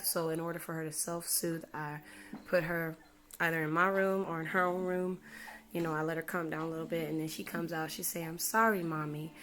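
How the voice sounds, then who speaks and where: A woman's voice: lowish voice, a bit bright. A young woman in a casual home parenting vlog, chatty and full of "you know". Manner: chatty, repeats phrases, says "you know" often. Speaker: mother vlogger. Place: at home indoors.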